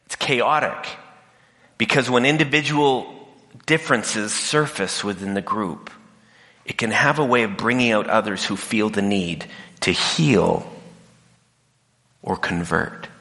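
A man giving an animated talk to an audience, acting out the voices of the people he quotes. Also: lowish voice, unhurried, pauses often. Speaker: speaker. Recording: long hall reverb.

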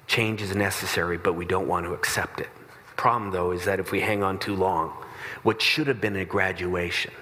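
Conversational preacher man in a reverberant hall. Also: low-pitched. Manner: conversational, animated storytelling, blunt asides. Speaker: pastor. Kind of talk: sermon.

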